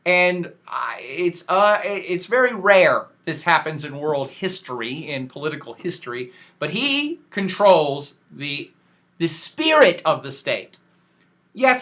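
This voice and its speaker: A man giving a casual podcast lecture on world affairs as a professor, animated and slangy, emphatic and often restarting his sentences. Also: a little high, moderate pace.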